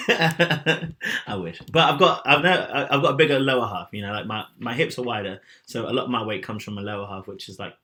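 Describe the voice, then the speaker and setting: A man's voice: mid-range voice, brisk, pushed and bright. A man co-hosting a podcast, chatty and teasing, laughing often. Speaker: podcast co-host. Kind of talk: casual chat.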